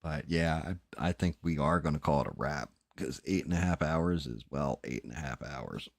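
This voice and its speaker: Deep-voiced, tired, profane male streamer. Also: normal speed, vocal fry, dry recording, studio quality. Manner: loose, profane, rambling. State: tired late at night. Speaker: livestream host. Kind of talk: casual late-night livestream chat.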